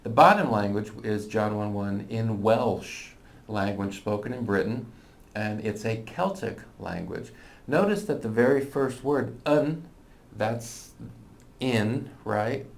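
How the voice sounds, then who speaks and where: A man's voice: on the low side, slow, gravelly. A middle-aged man teaching an informal lesson, talking in a conversational way that thinks aloud with fillers and restarts. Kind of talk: informal lecture.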